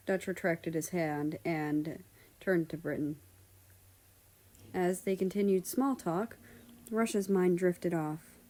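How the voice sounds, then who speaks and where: Woman reading a story, low-pitched. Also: takes it slowly, poor audio. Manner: even, storytelling. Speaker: story reader. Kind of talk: reading fan fiction aloud.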